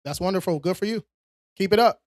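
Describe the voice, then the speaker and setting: A man's voice: high-pitched, fast, darkish tone, no echo, clean studio sound. A man hosting a live stream, reading viewers' questions aloud and answering them in a casual, streetwise way. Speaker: credit repair livestream host.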